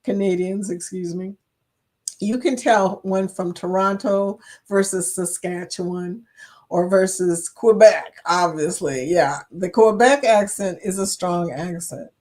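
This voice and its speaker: A woman talks casually as the host of an online community chat. She tells stories in a relaxed, rambling way, breaking off for asides and quick laughs. Her voice sits at an ordinary middle pitch. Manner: chatty, laughs easily, storytelling asides.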